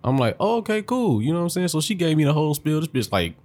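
A man's voice: a little high, animated, rapid-fire, a little mellow. A man telling a story on a casual podcast, laughing and swearing freely. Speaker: podcast co-host.

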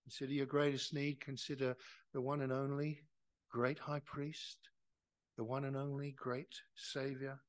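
Slow, impassioned preacher man. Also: medium pitch, little pitch movement. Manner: impassioned, rising to loud emphatic peaks, rhetorical questions. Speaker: pastor. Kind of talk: sermon. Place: church.

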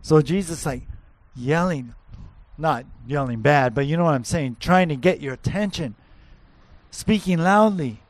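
A man delivering a sermon, earnest and emphatic, leaning on repeated words to drive his point home. His voice sits a little high for a man, and the sound is close and dry with no room around it. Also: measured pace, dry recording. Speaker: pastor.

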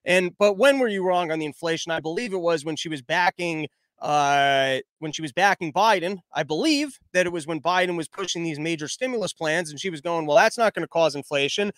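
A man giving casual, sarcastic political commentary, mocking and quick. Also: fairly high pitch, animated, fairly bright tone, dry recording. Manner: sarcastic, mocking, fast-talking.

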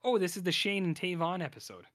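Here a man with a high, expressive and fairly bright voice speaks quickly, co-hosting a podcast where he chats loosely about a TV show. His talk wanders, full of fillers and false starts, captured in clean studio sound with no room noise.

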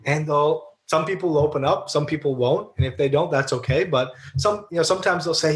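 A man's voice: a little high, brisk. A man guest in an interview, earnestly telling personal stories in a chatty way, with many fillers and restarts. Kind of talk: casual storytelling interview.

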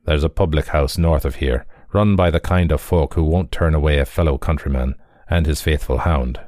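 A man voicing a weary, gruff male hound spirit in a read-aloud story. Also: very deep voice, moderate pace, a little mellow, no echo.

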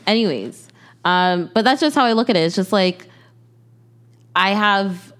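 A woman's voice: mid-range voice, a bit bright. A woman, co-hosting a podcast in a casual, earnest way with lots of "like" fillers. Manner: earnest, halting, many "like" fillers. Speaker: podcast co-host.

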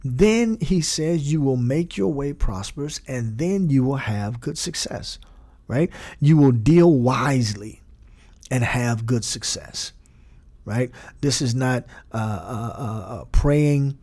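A man's voice: medium pitch, animated, slow, warm tone. A man teaching a bible study in a conversational way, repeating phrases and building emphasis, with frequent fillers.

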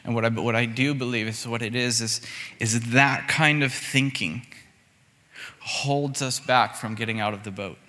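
A man's voice: mid-range voice, normal speed. A man preaching a sermon in a conversational, storytelling way, voicing the people in his stories. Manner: conversational storytelling with lively voiced quotes. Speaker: pastor. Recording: long hall reverb.

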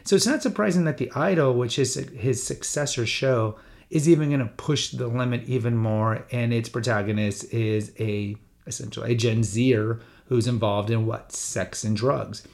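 A man's voice: medium pitch, normal speed, vocal fry, a little mellow. A middle-aged man hosting a solo podcast, talking in a conversational, rambling way with frequent restarts. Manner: briefly mimics his father's voice and accent. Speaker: podcast host.

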